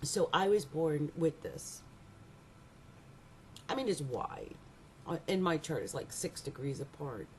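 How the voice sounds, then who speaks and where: A middle-aged woman giving a rambling, animated astrology reading, laughing often and restarting her sentences. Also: low-pitched, a little slow, pauses often, a little hiss or hum. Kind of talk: casual monthly astrology reading.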